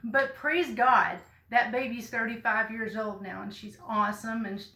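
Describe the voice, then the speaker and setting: A woman, telling a personal story to the camera in a folksy, earnest way with bursts of loud emphasis. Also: a little high, a little slow, echoey room, low-quality recording. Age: 50s. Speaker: vlogger.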